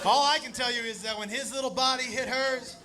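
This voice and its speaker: A man performing stand-up storytelling, animated and profane, acting out the voices of the people in his tale. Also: very high voice, fairly quick. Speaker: stand-up comedian. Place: comedy stage before a live audience. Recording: live stand-up with loud audience laughter and noise.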